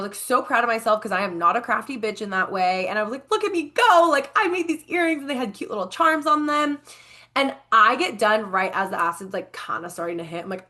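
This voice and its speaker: A young woman co-hosting a podcast, telling a story in a casual chatty way with lots of fillers and lively quoted voices. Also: fairly high pitch. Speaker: podcast co-host.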